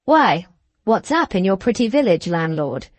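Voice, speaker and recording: A woman voicing an inquisitive gentleman traveller on horseback, speaking briskly and politely in an audiobook reading. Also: mid-range voice, sing-song, dry recording.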